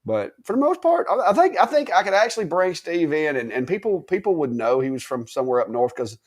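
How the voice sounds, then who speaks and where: A man's voice: on the high side, very animated, fairly quick. A man from Alabama with a Southern accent, co-hosting a casual live stream and telling stories in a chatty, drawling way. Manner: chatty storyteller, drawling, says y'all. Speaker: co-host.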